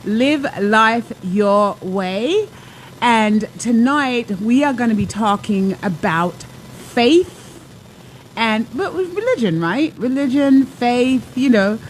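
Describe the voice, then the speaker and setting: A woman's voice: on the high side, takes it slowly, slight background noise, rough recording. Chatty woman hosting a talk show. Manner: lively, chatty storytelling with many asides. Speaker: life coach and show host.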